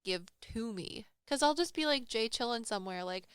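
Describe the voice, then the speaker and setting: Brief: woman podcast co-host, rambling and self-deprecating storyteller, smooth voice, dry close mic. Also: on the high side, animated, normal speed, a bit bright, dry recording. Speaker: podcast co-host and psychic medium. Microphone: studio microphone.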